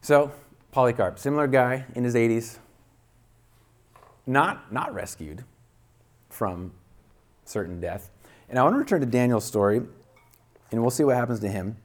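A man's voice: mid-range voice, lively intonation, normal speed, pauses often. A man preaching a sermon, reading a martyr story aloud with earnest, rising emphasis.

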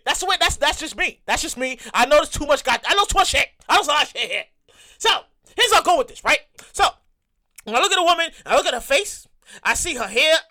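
A man with a high, bright voice rants through his comedy bit, getting worked up and looping back on the same phrases. His pitch swings widely as he goes. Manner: excitable, rambling, repeats himself often. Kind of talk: rambling comic monologue.

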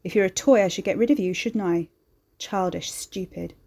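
A woman voicing a bitter, self-pitying young man who talks in a gruff, sniffly mutter. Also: mid-range voice, moderate pace, a little mellow. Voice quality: gravel gruff.

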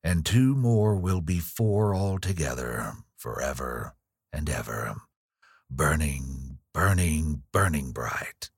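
A man voicing a dying, malicious old nobleman who speaks slowly in a menacing half-whisper. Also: very deep voice, big pitch swings, husky, dry recording, studio quality, full character voice. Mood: whispered menace. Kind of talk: audiobook reading.

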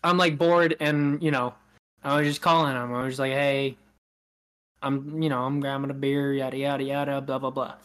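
A man's voice: mid-range voice, flat delivery, moderate pace, a bit bright, smooth. A man co-hosts a casual podcast, spinning a rambling story in a mid-range voice. He laughs often and slips into the voices of the people he is quoting. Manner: rambling anecdote, laughs often, acts out quotes. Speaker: podcast co-host.

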